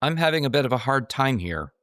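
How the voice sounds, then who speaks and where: A man's voice: medium pitch, very animated, a little slow, no echo, clean studio sound, voice pushed up. A man putting on a frail, frightened elderly woman. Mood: frightened pleading.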